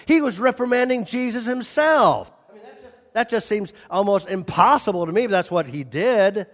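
A male pastor preaching a sermon, animated, acting out scenes and repeating lines for emphasis. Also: high voice, moderate pace, few pauses. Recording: long reverb of a large hall.

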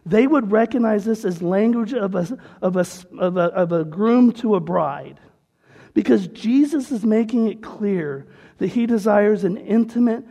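A man's voice: high voice, vocal fry, mellow. A man pastor preaching a sermon in an earnest, conversational way, with a long hall reverb.

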